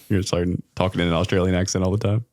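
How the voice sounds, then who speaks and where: A man co-hosting a podcast in casual chat, agreeable and quick to laugh, with short replies. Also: low voice, little pitch movement, darkish tone. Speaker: podcast co-host.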